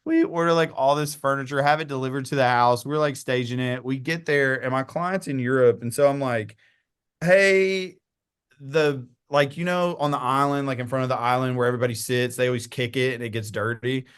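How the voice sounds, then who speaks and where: A young man tells an animated story in a relaxed interview. His voice sounds smooth and clear, and he slips into the voices of the people he quotes and laughs as he talks. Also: medium pitch, brisk, few pauses. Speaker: real estate agent and coach, podcast guest.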